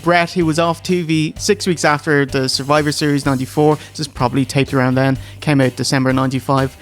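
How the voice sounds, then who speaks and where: A man hosting a casual review podcast, chatty and quick to laugh. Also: on the high side, flat delivery, soft background music. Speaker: podcast host.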